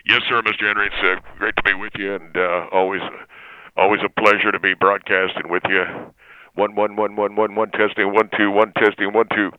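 A man voicing a slow, vague male comic character who stumbles and trails off mid-sentence. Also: lowish voice, level tone, smooth, no echo, phone-quality sound, natural voice. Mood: deferential. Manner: halting, trailing off, stumbling on words.

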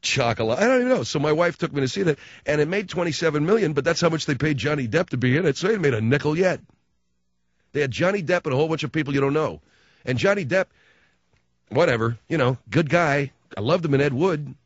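A man riffs in a sarcastic, mocking comic rant, jumping from loud outbursts to low grumbling asides. His voice comes through dry and close, with a slightly dull, muffled sound. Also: animated, quick pace, no echo.

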